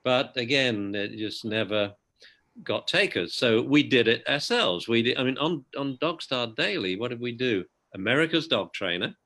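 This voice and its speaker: A man's voice: medium pitch, moderate pace, fairly bright tone. A man, a dog trainer guest on a video call, telling anecdotes casually and often adding "you know".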